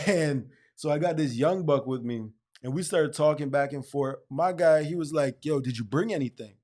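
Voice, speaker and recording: A man hosting an interview, telling a story in an animated way and laughing often. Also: a little high, moderate pace. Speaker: host.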